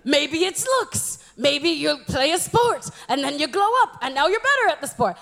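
A woman's voice: high-pitched, big pitch swings, normal speed, gravelly, a bit bright. A young woman giving a humorous church talk, telling stories about herself in a chatty, self-mocking way. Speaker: youth speaker.

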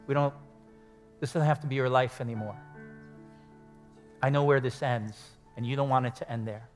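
Earnest male pastor preaching over soft music. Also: medium pitch. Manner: earnest, rises to emphatic then softens to hushed prayer. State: choked up with emotion. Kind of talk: sermon.

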